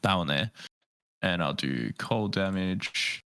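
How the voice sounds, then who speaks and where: A man's voice: deep voice, expressive, slow pace, fairly bright tone, clean tone, no echo. A man playing in a tabletop game, stating his actions matter-of-factly. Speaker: player. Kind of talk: casual tabletop game chat.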